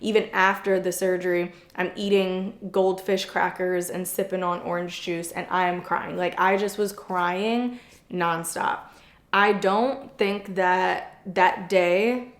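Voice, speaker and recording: A woman's voice: fairly low pitch, slow pace. A young woman co-hosting a podcast, speaking openly and chattily, with lots of "like" fillers. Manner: chatty and open, frequent "like" fillers, animated retelling. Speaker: podcast co-host. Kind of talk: candid personal storytelling. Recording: echoey room.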